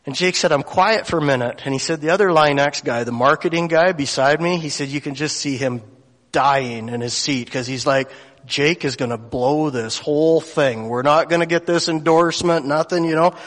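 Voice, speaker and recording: Animated storytelling man in a reverberant hall. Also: a little high, normal speed. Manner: animated storyteller acting out quoted voices. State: tearful at moments. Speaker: speaker telling a story. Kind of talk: storytelling sermon.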